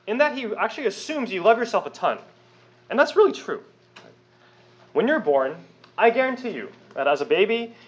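A young man preaching a sermon, emphatic and conversational, with frequent rhetorical questions. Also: high-pitched. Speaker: pastor.

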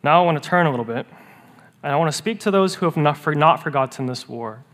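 A man preaching a sermon as pastor, earnest, rising to emphatic peaks and dropping to hushed, quiet lows. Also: lively intonation, fast. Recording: long reverb of a church hall.

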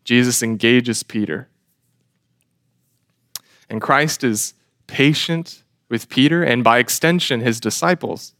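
Man preaching, earnest and emphatic, mid pitch, dry recording. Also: slow pace, long pauses, fairly bright tone, no room sound. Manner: earnest, emphatic, with rhetorical questions. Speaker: pastor. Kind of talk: sermon.

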